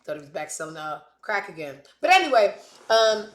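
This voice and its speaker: A woman's voice: mid-range voice, big pitch swings, fairly quick. Woman, gossip show host, brash, joking, middle-range voice, echoey room. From West Indies. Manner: brash, sassy, joking asides. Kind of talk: casual gossip commentary.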